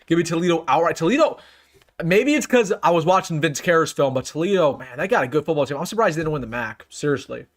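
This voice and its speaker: A young man hosts a casual live sports stream and runs through his picks. His voice sits a little high, and his delivery is excitable and emphatic. He often repeats a line to drive the point home. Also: quick pace. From United States. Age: young adult. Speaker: sports channel host.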